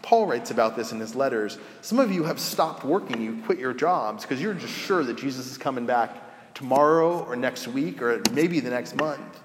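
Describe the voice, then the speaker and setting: A man preaching a sermon as pastor, telling stories in a relaxed, conversational way and acting out the people he quotes. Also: medium pitch, normal speed, noisy background. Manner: conversational storytelling, acts out quoted voices. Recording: roomy echo with long reverb.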